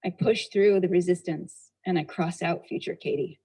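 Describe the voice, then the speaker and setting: A woman's voice: on the low side, steady tone, normal speed, dark tone, slightly rough, poor audio. A woman giving a motivational talk as a storyteller, acting out dialogue and asking the audience rhetorical questions. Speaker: motivational speaker.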